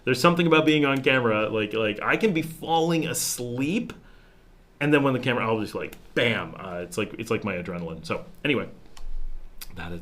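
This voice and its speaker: Middle-aged male livestream host, casual storyteller at a mid pitch, rambles with lots of restarts. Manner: animated, acts out quotes in changed voices, restarts often. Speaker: livestream host answering viewer questions. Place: home in a town abroad.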